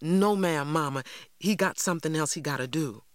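A fiery young girl full of indignation, her voice jumping high and loud, as a man puts her on. She is from a storybook read aloud, in a dry, close recording. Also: sing-song, a little slow, dry recording, heavily acted. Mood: hurried. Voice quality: pitched up and emphatic. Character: spirited indignant young girl, quick-tempered.

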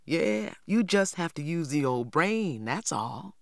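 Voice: mid-range voice, big pitch swings, slow, creaky, no room sound, exaggerated voice. A reader voicing a boastful, lazy teenage boy who talks in a drawling rural dialect, in a dry audiobook recording. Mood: smug. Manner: drawling, self-satisfied, Southern rural dialect. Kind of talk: audiobook character voice.

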